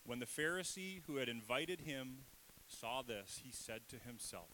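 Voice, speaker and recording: A man preaching a sermon, emotional and shifting between hushed and raised delivery, acting out inner voices in asides. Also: medium pitch, measured pace, slight background noise, poor audio. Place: church stage.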